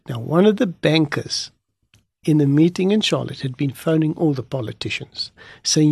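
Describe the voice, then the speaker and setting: A man, a pastor from Africa, telling a story in an animated way and acting out the dialogue. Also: a little high, normal speed, creaky, slightly rough, no room sound. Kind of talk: storytelling testimony in an interview.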